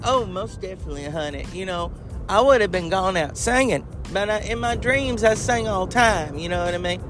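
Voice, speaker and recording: Man doing a sweet folksy older country lady, high voice, music behind, calls folks honey. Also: expressive, a little fast, fairly bright tone. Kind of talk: comic impression interview.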